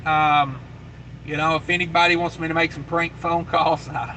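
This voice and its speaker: Bright-voiced laid-back trucker man. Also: a little high, little pitch movement, normal speed, slight background noise, rough recording. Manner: laid-back and rambling, with many fillers and repeated phrases. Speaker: trucker livestream host. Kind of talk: casual live chat, reading viewer comments aloud.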